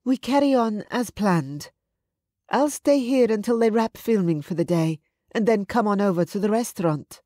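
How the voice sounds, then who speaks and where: A woman voicing an emotional young female head chef in an audiobook, her pitch raised and urgent. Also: lively intonation, moderate pace, warm tone, dry recording, studio quality, close to an everyday voice. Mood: resolute.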